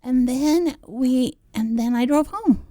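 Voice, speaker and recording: A woman with a high, bright-pitched voice tells stories as a radio guest, animated and quick to act out each person she mentions. The sound is dry and close, with no room around her. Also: no room sound. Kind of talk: casual storytelling chat.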